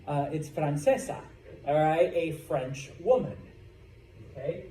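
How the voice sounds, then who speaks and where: A man's voice: a little high, unhurried, mellow. A man teaching a Spanish class, explaining grammar and often checking in with "okay?". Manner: checks in with "okay?" after each point. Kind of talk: classroom lecture. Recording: roomy classroom with faint background noise.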